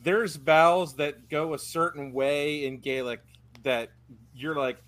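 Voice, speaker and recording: A man with a slightly high voice in casual chat. He speaks loosely and hesitantly, with plenty of fillers. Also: steady tone, measured pace, fairly bright tone.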